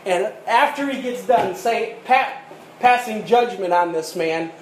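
High-voiced preacher in an echoey room. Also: male voice, lively intonation, measured pace. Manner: retells scripture in plain storytelling, reads old verses aloud. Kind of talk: sermon. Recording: echoey room with faint ambient noise.

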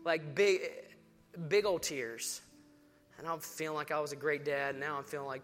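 A man preaching a sermon, swinging between hushed storytelling and rousing declarations. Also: on the high side, normal speed, soft background music. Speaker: pastor.

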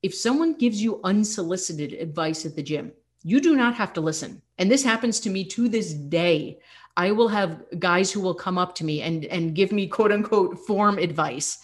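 A woman's voice: fairly low pitch, expressive, normal speed. A young adult woman fitness coach hosting a podcast, talking candidly and encouragingly, with laughs slipping in. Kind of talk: casual motivational podcast talk.

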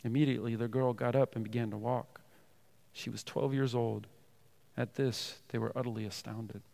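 A man preaching a sermon, reading scripture loudly and then dropping to soft, tender tones to make a point. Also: medium pitch, steady tone, moderate pace, vocal fry. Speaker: pastor.

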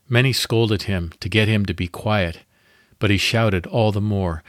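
A man hosting a devotional podcast, reading a guided Bible meditation in a calm, measured way with pauses. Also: on the low side, no room sound, clean studio sound.

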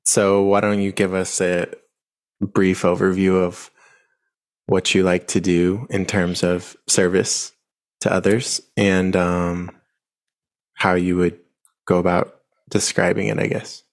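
A man hosting a podcast interview, asking measured questions. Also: low-pitched, level tone. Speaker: podcast host.

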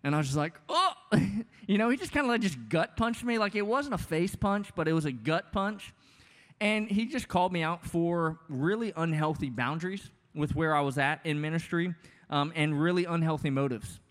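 A man's voice: on the high side, normal speed. A man in his thirties, a pastor preaching a sermon in a casual, joking, conversational way with many asides. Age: 30s. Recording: long hall reverb.

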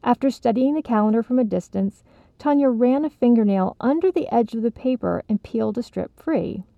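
A woman narrating a story in a steady, even storytelling manner. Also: fairly high pitch, a little fast, vocal fry, no echo. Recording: slightly dull, dry recording.

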